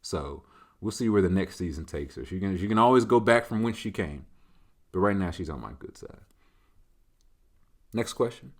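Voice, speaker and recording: A man with a lowish voice hosts a laid-back solo show, rambling through listener questions. He drifts between thoughts and leans on conversational tags as he talks it out. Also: animated, normal speed, long pauses. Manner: loose, rambling, conversational, leaning on filler tags. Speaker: host. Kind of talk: casual solo Q&A chat.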